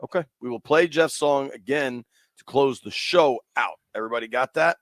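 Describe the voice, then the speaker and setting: A man's voice: medium pitch, normal speed, a bit bright, no room sound. A man from Washington, D.C., hosting a sports radio livestream in a casual, rambling way with plenty of fillers. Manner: easygoing, rambling with fillers and restarts.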